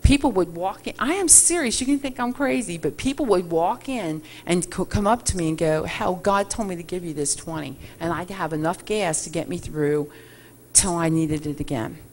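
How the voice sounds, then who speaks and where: A middle-aged woman telling a faith testimony to a congregation, an animated storyteller who acts out the dialogue. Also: on the low side, moderate pace, a little hiss or hum. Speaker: ministry worker giving testimony.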